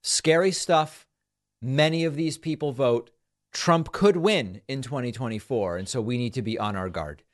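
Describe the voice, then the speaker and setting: Male political host, dry mocking commentary, mid-pitched voice. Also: moderate pace. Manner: sarcastic, mocking. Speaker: political talk show host. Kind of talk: commentary over news clips.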